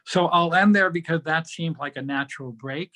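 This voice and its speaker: A man's voice: on the high side, normal speed, sharp tone, low-quality recording. Man lecturing on poetry, digressive. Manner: thoughtful, digressive explanations with filler words. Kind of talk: library lecture with Q&A.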